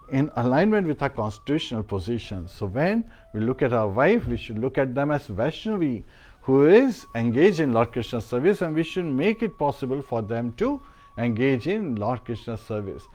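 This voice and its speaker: A man's voice: medium pitch, sing-song, normal speed, a little mellow. A man giving a devotional sermon as a spiritual teacher, chanting verses and mantras and telling a parable.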